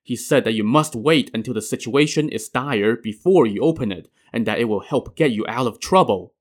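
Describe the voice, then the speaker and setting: A man's voice: mid-range voice, lively intonation, moderate pace, lightly acted. Man voicing an earnest young son.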